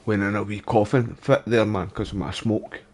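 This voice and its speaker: Scottish male streamer, casual and foul-mouthed, fairly low voice, talks gameplay with chat. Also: fairly even intonation, moderate pace, darkish tone, slight background noise. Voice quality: laid-back, swears casually, calls viewers mate and bro. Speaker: gaming live streamer.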